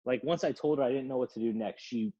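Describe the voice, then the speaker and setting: A man's voice: mid-range voice, quick pace, warm tone, husky, lo-fi sound. A man casually telling a long, rambling story on a podcast, laughing and swearing.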